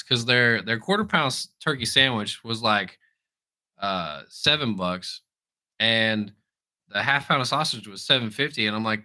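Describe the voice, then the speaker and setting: A male podcast co-host tells stories in casual conversation, animated, laughing often, and swearing freely. His voice is medium-pitched and his pace moderate.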